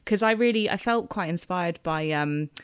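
A woman's voice: on the low side, moderate pace, smooth, dry recording, studio quality. A woman interviewing an author in a chatty, slightly hesitant way with asides. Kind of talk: casual interview chat.

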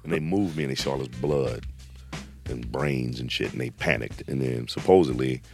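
A middle-aged man casually telling a story, animated and slangy, acting out quotes. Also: rumbling low, moderate pace, vocal fry, faint music behind.

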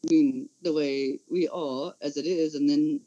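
A man who works as an autistic advocate, talking in earnest, impassioned and halting casual conversation. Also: a little high, steady tone, dark tone, highs cut off. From Central California.

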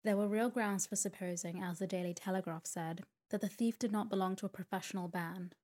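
A woman's voice: mid-range voice, fairly quick. Woman reading a bedtime story. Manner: steady, even-paced reading. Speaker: narrator.

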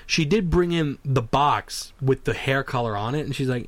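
A man's voice: mid-range voice, moderate pace, no room sound. A man co-hosting a podcast in casual, profane chat, telling stories and acting out what people said. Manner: animated, swears freely, quotes people in put-on voices. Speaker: podcast co-host.

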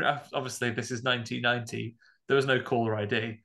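A man co-hosting a podcast, recapping a film in animated casual chat and swearing freely. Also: medium pitch, fast, gravelly. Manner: animated, swears, acts out characters. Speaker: podcast co-host.

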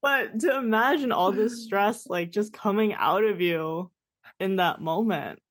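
A woman's voice: mid-range voice, a little slow. A woman co-hosting a casual podcast, reacting to a story with supportive exclamations. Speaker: podcast co-host.

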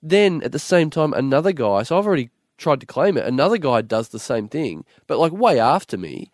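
A man's voice: on the high side, very animated, fairly quick, darkish tone, dry recording, clean studio sound. A man hosting a podcast, telling travel stories with stumbling restarts. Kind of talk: casual podcast chat.

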